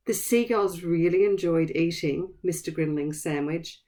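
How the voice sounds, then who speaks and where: A woman teaching a vocabulary lesson to young children, speaking slowly and clearly in an encouraging way. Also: on the low side, very animated, mellow.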